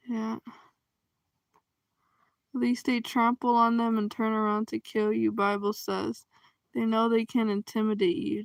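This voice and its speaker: Gravelly, expressive woman chatting on a livestream. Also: a little high, dry recording. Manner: expressive, laughs often, acts out reactions. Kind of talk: casual chat, reacting to viewer comments.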